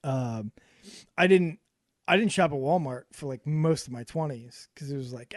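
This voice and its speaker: A man in his thirties co-hosting a casual podcast, telling stories in an animated way, swearing a lot and laughing often. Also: on the high side, normal speed, no echo, clean studio sound. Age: 30s. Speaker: podcast co-host. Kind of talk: casual boozy podcast chat.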